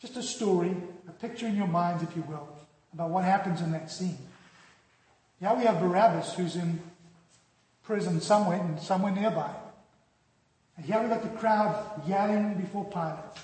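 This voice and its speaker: A man preaching a sermon, telling the story dramatically and dropping from loud to hushed. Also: high voice, normal speed, long pauses. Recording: echoey hall with long reverb.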